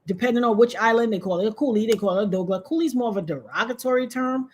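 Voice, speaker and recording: A woman from Trinidad, a guest on a video-call interview, telling a story in an animated way and acting out the voices of other people. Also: fast talker. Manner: animated, acts out quoted voices with big pitch jumps.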